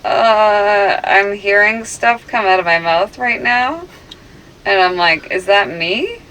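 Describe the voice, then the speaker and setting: A woman, a hypnosis volunteer, reacting unscripted, bewildered and embarrassed, her voice swinging between loud and hushed. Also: mid-range voice, animated, slow, a little hiss or hum, low-quality recording.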